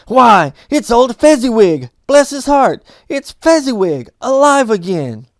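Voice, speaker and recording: A man's voice: a little high, animated, slow pace, a little mellow, no echo, clean studio sound. A man voicing an old man stirred by memories of his youth. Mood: excited. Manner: wistful exclamations.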